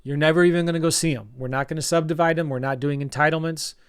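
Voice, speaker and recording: A man teaching a live online webinar, telling stories and rallying viewers with an energetic, upbeat manner. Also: fairly high pitch, fast, clean tone, no echo, studio quality. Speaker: real estate investing coach.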